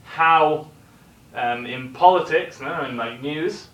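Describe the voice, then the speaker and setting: Teacher with frequent "no?" checks. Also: male voice, fairly high pitch, slow, fairly bright tone, muffled recording. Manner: explaining, checks in with tag questions. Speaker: English teacher. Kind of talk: classroom lesson. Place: classroom. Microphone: recorder at a distance. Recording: echoey room recording from far off.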